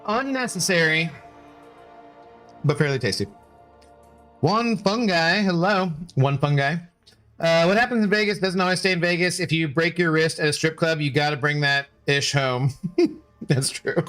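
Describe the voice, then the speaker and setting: A man's voice: on the high side, moderate pace, sharp tone, faint music behind. A man chatting casually on a livestream, reading chat aloud and rambling playfully with many self-corrections.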